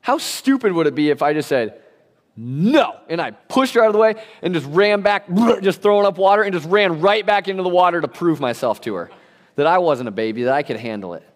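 Young man, pastor, sermon, animated storytelling, casual slang, reverberant church hall. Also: fairly high pitch, quick pace. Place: church sanctuary.

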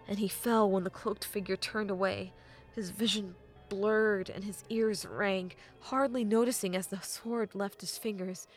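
A woman reading a novel aloud as an audiobook narrator, measured and often dropping to a hushed half-whisper. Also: mid-range voice.

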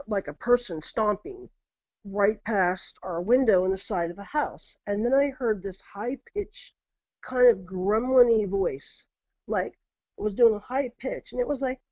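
A woman's voice: medium pitch, mellow, no echo. A middle-aged woman telling her own eerie encounters in a casual interview, earnest, often repeating her words. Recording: dull lo-fi audio.

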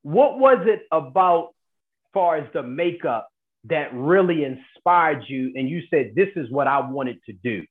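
A man's voice: a little high, animated, a little slow. A man hosting a networking interview show over a video call, upbeat, often tagging "right?" onto his points. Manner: upbeat, asks questions and adds "right?". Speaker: host. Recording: tinny phone-like line.

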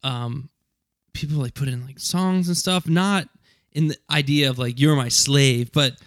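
A man's voice: fairly high pitch, a little slow, fairly bright tone, no room sound, clean studio sound. Rambling, hesitant podcast man. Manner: rambling, hesitant, lots of restarts and laughs. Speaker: podcast co-host. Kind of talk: casual chat.

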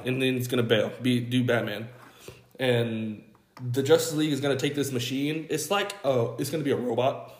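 A young man casually pitching a story, rambling and quoting characters in an offhand voice, with casual swearing. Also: brisk, echoey room. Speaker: podcast host.

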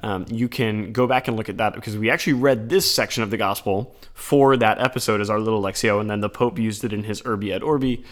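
A man co-hosting a podcast, talking through scripture readings in an earnest, conversational way, with animated retellings. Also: on the low side, quick pace, hardly any pauses. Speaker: podcast co-host. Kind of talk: casual chat about scripture readings.

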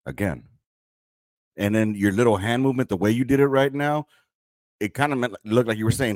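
A man's voice: mid-range voice, brisk, long pauses, darkish tone, dry recording. A man hosting a podcast, talking bluntly and profanely about military life while reacting to clips. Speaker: podcast host; military veteran. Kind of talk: casual commentary on clips.

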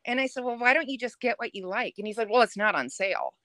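A young adult woman telling a dating story on a podcast in a chatty, lively way. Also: on the high side, fast, dry recording. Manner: chatty, animated, laughs while telling. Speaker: podcast guest. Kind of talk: casual storytelling.

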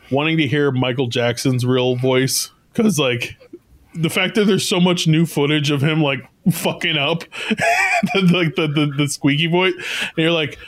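Podcast co-host, male, higher-pitched, unhurried, rambling and profane. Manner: rambling, laughs often, swears. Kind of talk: casual chat.

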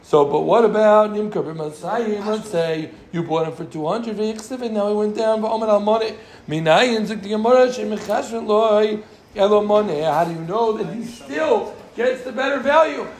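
A man's voice: sits high, normal speed, a little mellow, echoey room. A man teaching a Gemara class in a casual way, repeating his phrases and making joking asides to his students. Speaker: Talmud teacher.

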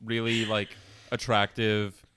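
Speaking slowly in a completely flat delivery, a young adult podcast co-host rambles through casual chat with many fillers and jokes about himself. His fairly low voice is a bit bright, clear and resonant, and the recording is dry.

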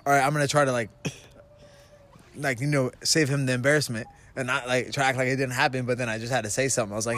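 Young man, mid-pitch, rambling storyteller who swears and laughs a lot; podcast co-host recorded outside. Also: fast, a little hiss or hum. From Vancouver, Washington. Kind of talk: casual storytelling. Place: outdoors in the cold.

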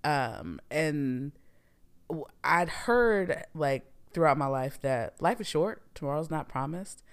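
Woman, 30s, low voice, podcast host, candid and rambling monologue with lots of fillers. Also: lively intonation, slow pace, clear, resonant tone. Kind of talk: casual solo podcast monologue.

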